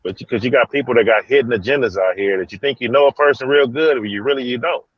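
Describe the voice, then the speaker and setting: A man's voice: mid-range voice, fast, dry recording, lo-fi sound. A man calling in to a casual live-stream chat from a vehicle on the freeway, blunt and laid back in his talk. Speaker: caller.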